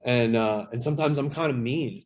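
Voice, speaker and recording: A man's voice: medium pitch, brisk, slight background noise. A man in his thirties sharing candidly at a recovery workshop, talking in a casual, self-deprecating way with plenty of fillers and swearing. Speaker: workshop speaker.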